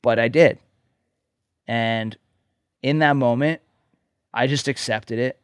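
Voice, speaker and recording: Speaking slowly in a clear, resonant mid-range voice over a dry recording, a podcast co-host who is also a coach shares a personal story. He's earnest and casual, frequently pausing to ask "okay?"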